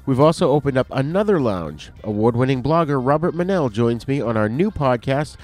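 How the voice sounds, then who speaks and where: A man's voice: medium pitch, lively intonation, brisk, darkish tone. A man hosting a podcast, chatty and upbeat as he gives a casual intro with promotions. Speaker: podcast host.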